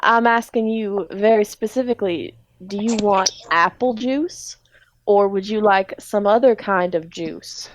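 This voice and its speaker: A woman's voice: medium pitch, measured pace, slight background noise, close to an everyday voice. A woman voicing a young, easygoing male grocer with a put-on Southern accent, in a recorded tabletop game. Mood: suspicious.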